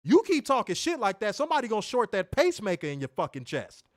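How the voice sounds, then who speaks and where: Fiery, profane man ranting, high and animated. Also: quick pace, no echo, studio quality. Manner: profane, fiery, repetitive rhetorical questions. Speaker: wrestling podcast co-host. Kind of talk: heated ranting commentary.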